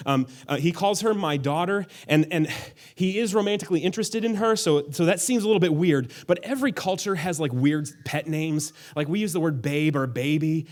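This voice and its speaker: A man's voice: on the high side, brisk. A man preaching a sermon as a pastor, in a casual, conversational way with frequent asides.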